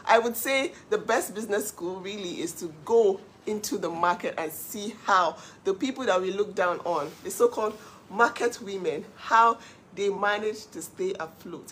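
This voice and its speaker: A middle-aged woman hosting her own live stream, telling her story with animated emphasis. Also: mid-range voice, a little hiss or hum. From Nigeria. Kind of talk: casual live-stream monologue.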